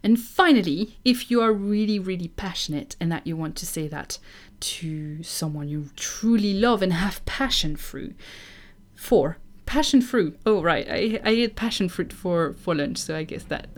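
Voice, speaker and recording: A woman teaching phrases in a language lesson, slowly modelling each one for learners to repeat, with chatty asides. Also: fairly low pitch, lively intonation. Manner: slow, patient, models phrases for repetition. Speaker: French teacher.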